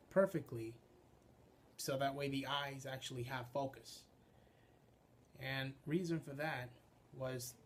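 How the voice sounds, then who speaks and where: A young man talks through his puppet work in a loose, unscripted way, stopping and restarting sentences with plenty of filler sounds. His voice sits at an ordinary middle pitch for a man. A faint background noise runs under the recording. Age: young adult. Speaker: puppeteer and voice actor. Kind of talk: informal explanation to camera.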